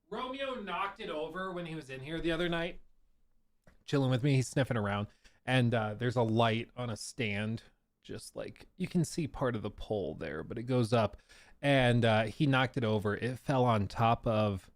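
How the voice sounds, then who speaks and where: A man hosting a casual gaming livestream from his home streaming room, rambling, stumbling over his words and laughing at himself. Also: on the high side. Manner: rambling and giggly, with stumbles and self-deprecating laughs. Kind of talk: casual live-stream chat.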